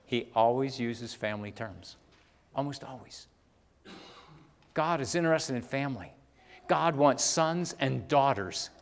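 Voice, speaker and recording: A man delivering a sermon, rising to loud emphatic peaks and dropping to soft low asides while reading scripture. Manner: reads scripture aloud, often slowing for weight. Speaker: preacher. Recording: long hall reverb.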